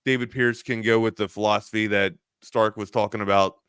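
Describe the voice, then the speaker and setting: Man, low pitch, smooth voice, casual sports talk, rambling, dry sound. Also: fairly even intonation, a little fast, fairly bright tone, dry recording. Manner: rambling, restarts a lot, thinks aloud. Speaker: co-host of a sports talk stream.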